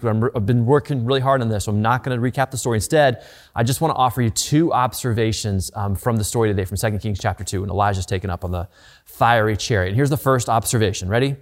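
A man's voice: medium pitch, darkish tone. Male pastor, middle-aged, conversational sermon delivery, repeats for emphasis.

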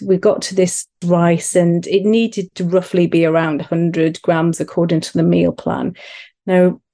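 This is a middle-aged woman from Wales, a guest on an interview podcast. Her voice is mellow and soft-edged, and she talks earnestly, poking fun at herself and growing lively in her anecdotes. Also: on the low side. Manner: earnest, animated when telling stories, self-deprecating. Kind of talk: podcast interview, personal story.

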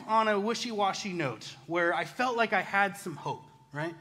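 A man telling a casual personal story in a chatty, self-deprecating, animated way. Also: sits high, moderate pace, hardly any pauses.

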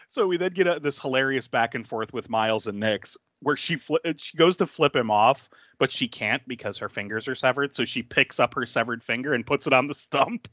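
Animated man recapping a movie. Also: a little fast, hardly any pauses, dry recording, dull audio. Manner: animated retelling, jumps up in pitch for quoted characters, laughs often. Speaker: podcast co-host.

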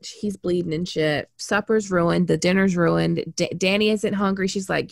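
Animated, swearing woman chatting. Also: fairly low pitch, moderate pace, creaky, few pauses, no echo, studio quality. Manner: animated, swearing, acts out quotes. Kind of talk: casual book discussion.

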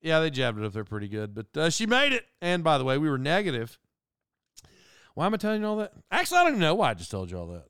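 A man's voice: a little high, fast, clear, resonant tone, no echo, clean studio sound. A middle-aged man hosting a casual monologue, a rambling storyteller who mocks himself. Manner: rambling storyteller, animated and self-mocking. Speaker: podcast host.

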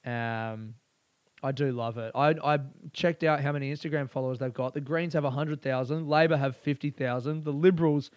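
Profane Australian podcaster with a smooth voice. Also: male voice, medium pitch, fairly even intonation, moderate pace, no echo, lo-fi sound. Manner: crude, profane and rambling. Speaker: podcast host. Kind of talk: solo casual podcast monologue.

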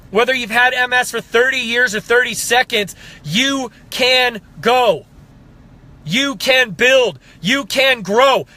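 A man's voice: very high voice, sharp tone. A man in his thirties, an exercise coach, giving a passionate, fired-up motivational pep talk to viewers. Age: 30s.

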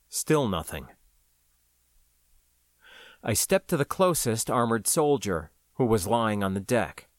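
A man narrating a science-fiction novel in the first person, with a measured, expressive storytelling delivery. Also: on the low side, dry recording, studio quality. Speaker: audiobook narrator.

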